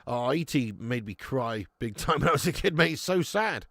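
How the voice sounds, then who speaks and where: A man's voice: medium pitch, expressive, moderate pace, creaky, fairly bright tone, no room sound. An English man hosting a live football watch-along, chatting casually with viewers and reading out their comments. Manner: laughs often, calls people mate.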